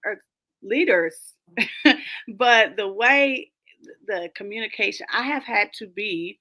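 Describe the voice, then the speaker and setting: A woman coach speaking emphatically as a roundtable guest, animated and often laughing as she makes her points. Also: medium pitch, slow. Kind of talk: roundtable conversation.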